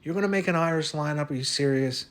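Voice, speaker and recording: A man's voice: on the high side, quick pace, smooth. A man speaking in a dry, skeptical tone, questioning the other voice in a comic sketch. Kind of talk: comic sketch over a fantasy lineup.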